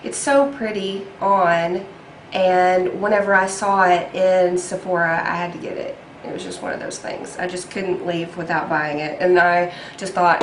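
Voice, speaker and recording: Slow-talking woman doing a makeup tutorial. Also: on the low side, echoey room, background noise. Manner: chatty and self-deprecating, with frequent ums. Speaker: beauty vlogger.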